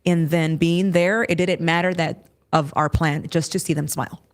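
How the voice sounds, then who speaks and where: A woman's voice: fairly low pitch, steady tone, moderate pace. A woman in her thirties from the Texas valley, talking emotionally in a casual chat and rambling with restarts. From Rio Grande Valley, Texas. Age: 30s.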